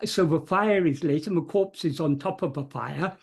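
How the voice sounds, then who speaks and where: A man talks through a spiritual text on a video call, his voice slightly raised in pitch and husky. He explains with care, hesitating, restarting and filling pauses with "um" and "uh". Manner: careful, hesitant explaining with many fillers and restarts. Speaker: teacher of spiritual texts. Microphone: computer mic on a video call.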